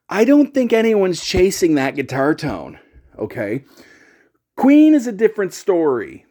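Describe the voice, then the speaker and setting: Rambling middle-aged man, slightly high voice. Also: huge pitch swings, unhurried, warm tone. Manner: rambling, chatty, self-deprecating. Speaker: YouTuber and pedal demo host. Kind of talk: casual gear vlog.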